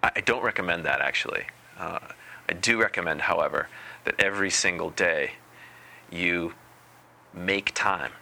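A man giving a spiritual talk as a meditation teacher, unhurried and deliberate with a gently playful touch. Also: low-pitched, creaky.

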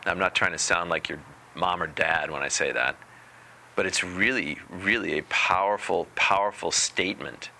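A low-pitched man speaks as a meditation teacher delivering a spiritual talk. He is unhurried and deliberate, with a gently playful touch.

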